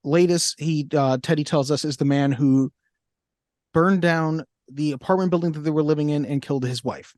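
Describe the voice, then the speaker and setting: A man's voice: on the high side, fairly even intonation, normal speed, a little mellow, dry recording, studio quality. A man co-hosting a casual movie podcast, recapping a plot with fillers and frequent laughs. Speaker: podcast co-host.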